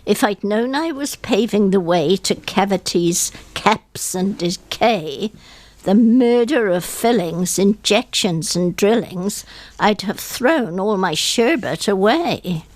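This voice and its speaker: A woman's voice: medium pitch, expressive, slow, darkish tone, no echo. A woman voicing a rueful older woman lamenting her rotten teeth, in an English country accent, with a lilting comic recitation. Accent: English country accent, impression of a poet.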